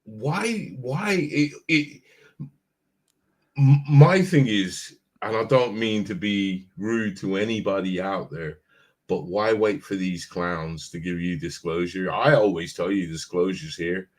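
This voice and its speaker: Guy with a lowish voice hosting a live stream, animated, stumbles and repeats words. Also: slow pace. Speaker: host. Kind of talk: casual live-stream chat.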